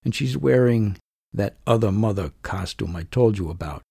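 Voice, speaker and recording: A man narrating his own story in scripted first person, in a measured, understated and wry way. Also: fairly low pitch, vocal fry, warm tone, husky, no room sound, studio quality.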